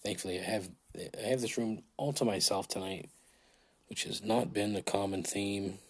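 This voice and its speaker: A man's voice: fairly low pitch, steady tone, normal speed. A man hosting a casual solo podcast, rambling and swearing with self-mocking humor, his throat dry, recorded on a phone in a large hotel room. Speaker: podcast host.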